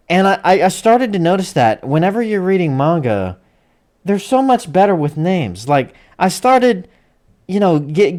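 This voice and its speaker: Animated man rambling through an anime recap. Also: a little high. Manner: rambling, self-correcting, chuckles often. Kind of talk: casual episode recap.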